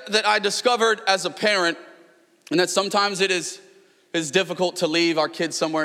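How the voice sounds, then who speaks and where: High, bright-voiced preacher man in a hall. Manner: animated storytelling, rising to near-shouts. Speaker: pastor. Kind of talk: sermon. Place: large church hall. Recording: long hall reverb.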